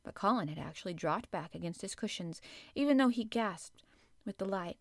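Woman narrating an old kids book, calm, medium pitch, dry close sound. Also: normal speed, no room sound. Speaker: audiobook reader. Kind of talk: storybook narration.

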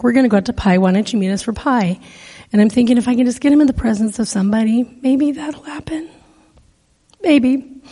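A woman's voice: mid-range voice, dark tone. A middle-aged woman from the American Northwest, a guest speaker telling stories and preaching in a conversational, emotional way. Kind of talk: sermon. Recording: hall reverb.

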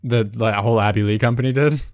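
A man hosts a relaxed podcast conversation. He chimes in with brief reactions and curious questions. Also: mid-range voice, fast talker. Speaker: podcast host. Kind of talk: casual podcast chat.

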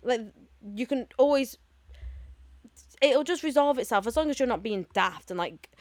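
A woman's voice: fairly high pitch, animated, moderate pace, a little mellow, no room sound, studio quality. A woman in her twenties co-hosting a podcast, chatty and giggly, telling stories with lots of animation. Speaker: podcast co-host. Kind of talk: casual chat.

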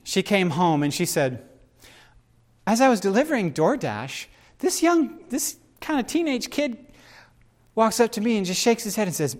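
A middle-aged man preaching in an animated, conversational way and often turning to his listeners with asides. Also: high voice, moderate pace. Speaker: pastor. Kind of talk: sermon.

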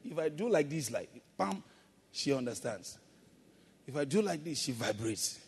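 A man's voice: fairly high pitch, very animated, moderate pace, creaky, breathy edge, in a large hall. A male pastor preaching a sermon, calling for amens and acting out playful asides. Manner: preaching with call-and-response and playful acted asides.

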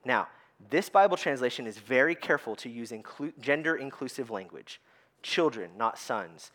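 A man's voice: mid-range voice, animated, normal speed, a bit bright. A middle-aged man preaching a sermon as pastor, telling stories with energy and often repeating words as he starts sentences.

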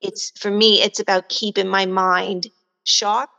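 A woman's voice: medium pitch, little pitch movement, unhurried, vocal fry, pushed and bright. A woman with a New York accent, chatting casually as a guest in an interview, laughing often and restarting her sentences. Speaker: guest entrepreneur.

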